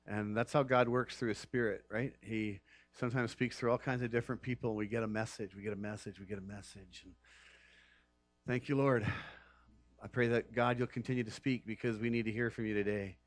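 A man's voice: medium pitch, fairly even intonation, a little fast, no room sound. A man, a pastor, preaching an earnest sermon that builds to emphatic passages.

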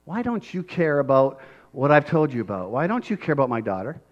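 A man voicing a frustrated father who urgently pleads for help that seems slow to come. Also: fairly high pitch, sing-song, highs cut off. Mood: pleading. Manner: urgent, pleading, rising to shouts.

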